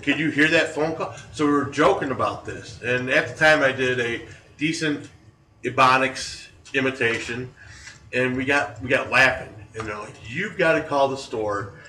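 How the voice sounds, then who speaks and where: A man in his forties hosts a talk show and tells stories in a loose, rambling way. His voice is bright and sharp, and it is heard from some distance in an echoey room. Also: mid-range voice, moderate pace, slight background noise. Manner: loose, rambling storytelling with chuckles. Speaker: podcast host. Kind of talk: casual storytelling chat. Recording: echoey room, far from mic.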